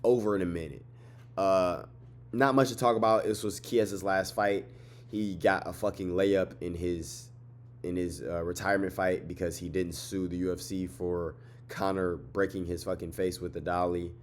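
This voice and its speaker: Tired young guy with a lowish voice, excitable, profane fight recap vlogger. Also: moderate pace, a little hiss or hum. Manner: excitable, swearing, repeats phrases, trash-talks. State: tired, yawning late at night. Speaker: MMA fight recap host. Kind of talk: casual fight breakdown vlog.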